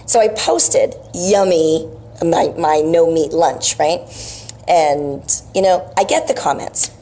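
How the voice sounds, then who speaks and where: A woman's voice: sits low, takes it slowly, dark tone. A woman vlogging about health, telling a rambling story in a casual, chatty way and checking in with "right?" asides.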